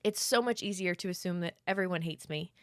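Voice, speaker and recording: A woman's voice: on the low side, fairly quick, no room sound, clean studio sound. A woman co-hosting a podcast, chatting casually in a giggly, self-deprecating way. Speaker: podcast co-host.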